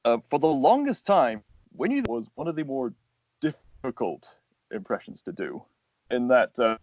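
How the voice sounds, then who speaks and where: A man's voice: mid-range voice, very animated, normal speed, a little mellow, no room sound. A young man, a voice actor and animator, explaining his craft earnestly in a casual interview. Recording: dull lo-fi sound, dry.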